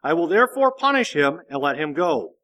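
A man voicing a stern, uneasy Roman governor in a measured, deliberate Bible reading. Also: a little high, sing-song, pushed and bright. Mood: grave.

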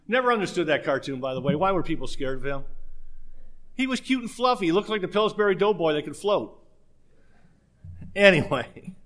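A man's voice: on the high side, sharp tone. A man preaching a sermon in a conversational way, with humorous asides.

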